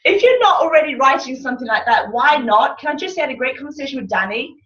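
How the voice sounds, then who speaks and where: A woman leading a sales team training session, lively and laughing, getting the room to chant together. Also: high voice, fast. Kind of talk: motivational talk to a room. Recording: distant echoey room mic, dull.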